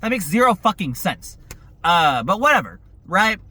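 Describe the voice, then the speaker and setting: A young man giving a casual, profane, exasperated movie review, talking in an animated way. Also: sits high, normal speed.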